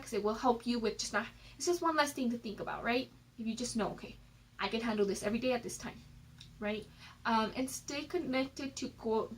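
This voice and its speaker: A woman vlogger offers personal development advice, candid and chatty, her talk full of "like" and "um." Her voice is a little high with a fairly bright tone, and the phone recording has poor audio.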